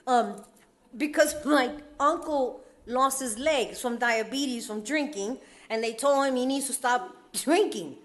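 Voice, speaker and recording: A woman from California tells her recovery story to a meeting crowd in loose street slang. Her voice sits high. She jokes her way through hard moments and breaks into laughter often. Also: a little slow.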